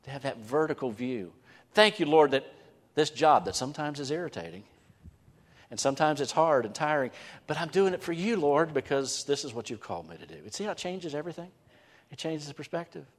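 A man preaching a sermon as a pastor, moving between hushed, quiet passages and emphatic, raised lines. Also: fairly high pitch, animated, brisk. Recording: long reverb of a large hall.

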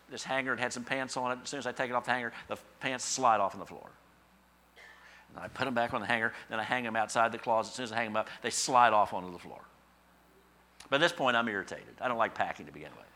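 A man's voice: mid-range voice, bright, forceful tone. A man preaching a sermon in a conversational, storytelling way, acting out voices in his asides. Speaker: pastor.

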